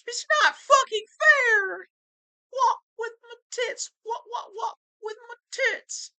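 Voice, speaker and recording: A man putting on a shrill, wailing, crying voice for a whiny comic character. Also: takes it slowly, bright, forceful tone, full character voice. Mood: sobbing outrage.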